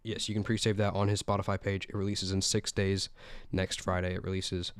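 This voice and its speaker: Low flat-voiced teen podcast host. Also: male voice, brisk, clean tone, dry recording. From South Carolina, US. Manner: chatty, rambling, enthusiastic. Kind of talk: casual music roundup podcast.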